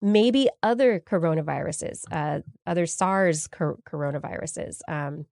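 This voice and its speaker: A woman's voice: low voice, measured pace, creaky, darkish tone, no echo, studio quality. A woman co-hosting a casual science podcast, musing aloud in a speculative way that often trails off. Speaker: podcast co-host presenting a news segment.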